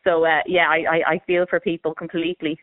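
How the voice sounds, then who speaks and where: An Irish woman calling into a radio show, earnestly telling her story. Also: low voice. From Ireland. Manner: earnest, quick, animated retelling. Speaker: caller. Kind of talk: phone-in chat. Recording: tinny phone line.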